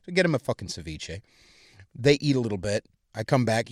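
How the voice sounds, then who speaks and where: A man's voice: medium pitch, very animated, fairly quick, dry recording, studio quality. A young adult man hosting a podcast, delivering a crude, profane, heated rant. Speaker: podcast host. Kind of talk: crude solo comedic rant.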